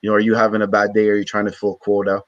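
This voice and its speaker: A man's voice: on the low side, completely flat delivery, racing, no echo, muffled recording. A man from Canada hosting a casual podcast interview, speaking loosely and conversationally with lots of "you know" and "like". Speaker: podcast host.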